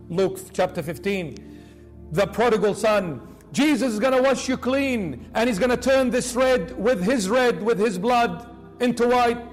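High-voiced preacher with faint music. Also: male voice, measured pace. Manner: impassioned, rising and dropping to hushed pleading. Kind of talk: sermon.

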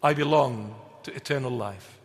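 A man's voice: medium pitch, moderate pace. A man preaching a sermon, emphatic and repetitive, posing questions and answering them himself. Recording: long hall reverb.

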